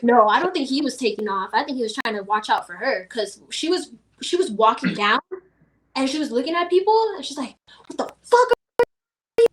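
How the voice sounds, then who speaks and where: A woman from Las Vegas, a podcast guest, telling stories in casual chat, animated and full of laughter and filler words. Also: on the high side, fairly quick. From Las Vegas, USA.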